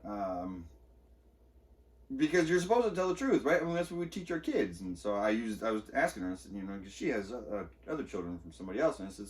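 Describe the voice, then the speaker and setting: Here a podcast host with a voice on the low side gives a very animated, quick-paced personal monologue about an argument, candid and full of agitation and profanity. The mic is distant.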